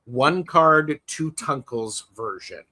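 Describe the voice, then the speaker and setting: A man's voice: mid-range voice, expressive, takes it slowly, pushed and bright. A man co-hosting a live tarot stream from home over a video call, chatty and playful, often restarting his sentences. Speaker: co-host of a tarot livestream. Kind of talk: casual live chat.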